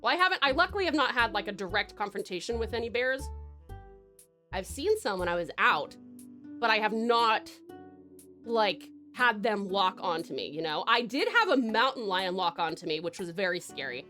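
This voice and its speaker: A woman's voice: mid-range voice, big pitch swings, moderate pace, sharp tone, soft background music. A young woman streamer chatting casually as she reads viewer comments, laughing often and talking with lots of fillers. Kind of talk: casual live-stream chat, reading comments.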